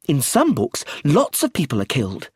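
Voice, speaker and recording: A precocious little girl voiced by a male narrator with a raised, lively pitch and a smug, eager manner. The husky voice underneath gives her an audiobook feel. The recording is close and dry. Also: normal speed, dry recording, heavily acted. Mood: smug excited.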